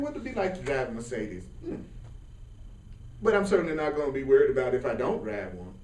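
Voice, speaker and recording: A man giving an informal spiritual class, talking in a lively, colloquial way and often laughing. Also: a little high, fast, slight background noise. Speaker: spiritual teacher. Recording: roomy sound from a distant mic.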